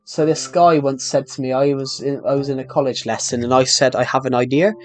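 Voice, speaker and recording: A young man with a thick regional British accent that rolls every R chats casually on a gaming live stream. He keeps his pace slow on purpose and often restarts his sentences, in a middle-pitched voice, with faint music playing behind. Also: fairly even intonation. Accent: strong rhotic British regional. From United Kingdom. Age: young adult. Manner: deliberately slow, many restarts. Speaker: game streamer.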